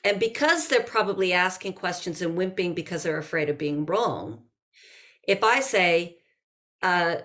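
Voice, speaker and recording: A woman's voice: lowish voice, measured pace. A woman who teaches improv reads a passage aloud and explains it in an interview, acting out the lines she quotes. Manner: lively, acts out quoted lines.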